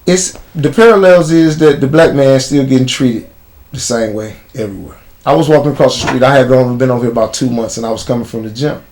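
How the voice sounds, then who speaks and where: A man's voice: mid-range voice, quick pace. Blunt Chicago man telling stories. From United States. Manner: blunt, street slang, animated retelling. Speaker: interview guest. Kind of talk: casual interview storytelling.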